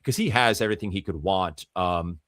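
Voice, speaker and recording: A man talking as a podcast guest, telling a story in an animated way and acting out the quotes. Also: deep voice, a little fast, no echo, studio quality. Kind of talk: casual storytelling.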